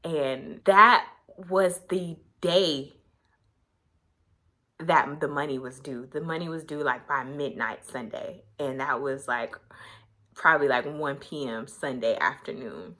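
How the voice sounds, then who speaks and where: Bright, low-pitched woman telling a story. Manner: candid, conversational, filler-heavy, emotional retelling. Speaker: vlogger. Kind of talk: personal storytelling to camera.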